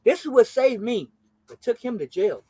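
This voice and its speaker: A man hosting a livestream, telling a story in an animated, slangy, profane way. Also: extremely high pitch, normal speed, breathy edge, dry recording. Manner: acts out quoted people in character voices. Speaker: livestream host. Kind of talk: casual storytelling chat.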